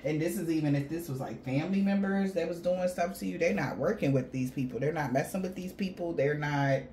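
A woman's voice: deep voice, a little fast, mellow, a little hiss or hum. Blunt, rambling woman giving a reading. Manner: rambling, blunt, swears freely. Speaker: tarot reader. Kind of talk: casual spiritual reading.

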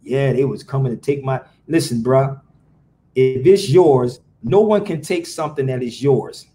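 A man's voice: mid-range voice, unhurried, warm tone, faint music behind. A man hosting a live podcast, ranting profanely and firing rhetorical questions at his viewers. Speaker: podcast host. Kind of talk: casual live-stream rant.

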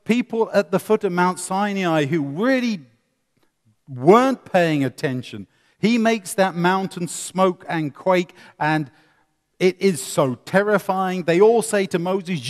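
Male preacher, fairly high voice, dramatic delivery, long hall reverb. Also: lively intonation, takes it slowly. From England. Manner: dramatic, swings between loud emphasis and quiet asides, rhetorical questions. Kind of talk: sermon.

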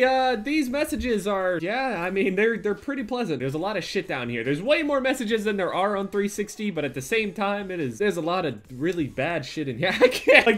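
Man, gaming YouTuber, animated joking commentary, swears a lot, bright voice, lively pitch. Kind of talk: casual commentary reacting to messages.

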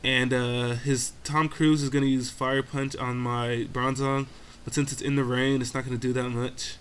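A young man runs casual play-by-play over a game, his bright, forceful voice full of profanity. He rants at his opponent and mocks himself in loose, exasperated asides. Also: mid-range voice, flat delivery, normal speed, slight background noise. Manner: exasperated, self-mocking asides. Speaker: gaming commentator.

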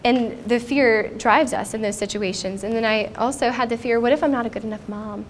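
A woman's voice: fairly high pitch, steady tone, fairly quick, a little hiss or hum. A woman in her thirties speaking at a conference, telling a personal story in an earnest, reflective way. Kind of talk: personal testimony talk. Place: conference stage.

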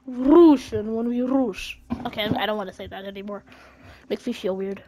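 A young woman chatting casually while playing a video game, excitable and often yelling at teammates. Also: mid-range voice, normal speed. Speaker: gamer streamer.

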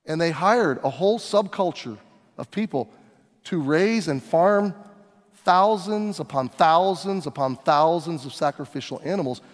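Pastor dramatizing a story in a hall. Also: male voice, a little high, animated, a little slow. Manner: dramatic storytelling, acting out scenes. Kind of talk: sermon.

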